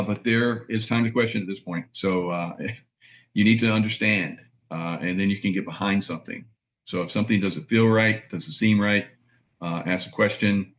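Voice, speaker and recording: A man in casual chat as host, speaking haltingly with many fillers. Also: on the low side.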